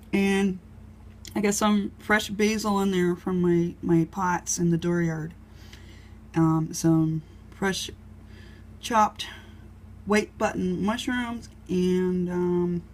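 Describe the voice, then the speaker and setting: A woman's voice: fairly low pitch, darkish tone, slight background noise. A woman chatting casually while cooking in her home kitchen, rambling with lots of ums. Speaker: home cook vlogger.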